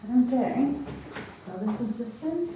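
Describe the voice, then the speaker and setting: A woman talks slowly and softly into her phone, out of breath and sometimes dropping to a murmur. The phone recording carries a clear layer of background noise. She chats casually, as if to followers on a livestream. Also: a little high, expressive, rough recording. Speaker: vlogger. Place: small room in a mosque.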